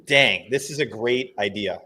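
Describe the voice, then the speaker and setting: A man's voice: fairly low pitch, measured pace, sharp tone. A man co-hosting a live stream, chatting casually in a playful, jokey way. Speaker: co-host.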